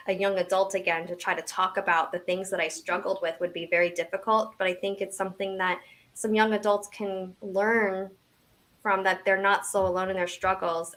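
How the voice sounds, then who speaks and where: A woman's voice: medium pitch, a bit bright. A woman around forty, guesting on an interview as a memoir author, talking casually with lots of restarts and self-deprecating asides.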